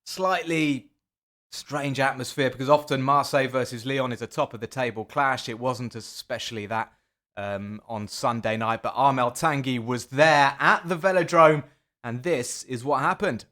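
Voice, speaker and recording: A man hosting a football podcast in a casual, chatty way, often pausing on fillers and restarting his sentences. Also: medium pitch, fairly bright tone. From England. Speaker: podcast host.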